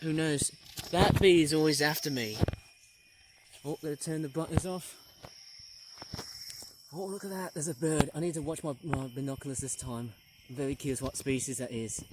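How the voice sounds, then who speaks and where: Excitable nature vlogger outdoors. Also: medium pitch, moderate pace, pauses often, background noise. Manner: excitable, marvelling, exclaims often. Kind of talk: walking nature vlog commentary. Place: outdoor jungle trail near a waterfall.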